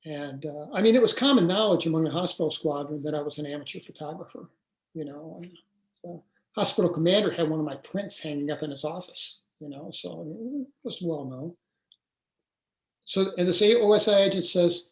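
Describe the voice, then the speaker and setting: A man's voice: a little high, normal speed. Older man telling a story, echoey room. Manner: conversational, many fillers and restarts. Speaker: interview guest. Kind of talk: casual storytelling interview.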